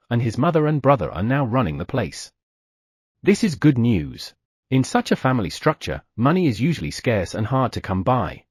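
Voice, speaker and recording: A man narrating an audiobook in the first person with expressive delivery. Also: mid-range voice, slightly rough, no echo, clean studio sound.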